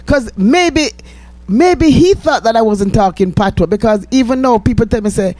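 An easygoing Jamaican woman in her fifties, chatting casually as a guest. Her pitch moves up and down in a lively, animated way, and she is quick to laugh. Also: no echo. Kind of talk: casual chat.

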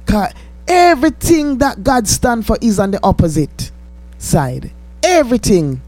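Jamaican lady radio minister, warm mellow voice, preaching hard and pleading, lots of patois. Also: fairly high pitch, big pitch swings, a little slow, soft background music. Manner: fervent, pleading, slips into patois.

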